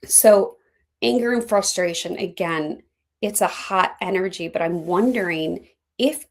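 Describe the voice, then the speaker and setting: A middle-aged woman coach teaching a class in a chatty, animated way, often acting out what her clients say. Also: lowish voice, moderate pace. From Philadelphia. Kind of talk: teaching an online class, conversational.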